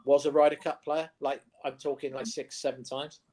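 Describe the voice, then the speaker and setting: Man, sports talk co-host, lively anecdotes, casual. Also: medium pitch, moderate pace. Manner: animated anecdote-telling, mimics voices in quotes. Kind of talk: casual chat, storytelling. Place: studio.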